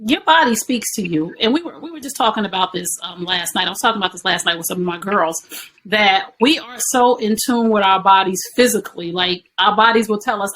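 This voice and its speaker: A woman's voice: medium pitch, a little fast, fairly bright tone, low-quality recording. Woman guest making points with "right?". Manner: teaching, rhetorical questions with a repeated "right?". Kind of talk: conversational interview.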